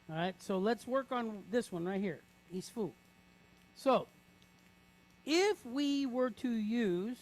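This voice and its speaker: A man leads a classroom reading lesson at an unhurried pace. He sounds words out syllable by syllable. He checks in with his students again and again as he goes. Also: high-pitched, a little mellow. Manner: patient, checks in with frequent "right?"; spells out sounds slowly, syllable by syllable. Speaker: teacher.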